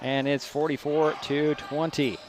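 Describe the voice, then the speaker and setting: A man giving brisk, chatty play-by-play of a high school basketball game, rising at big plays. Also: flat delivery. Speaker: play-by-play announcer. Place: school gym. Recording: gym noise behind broadcast mic.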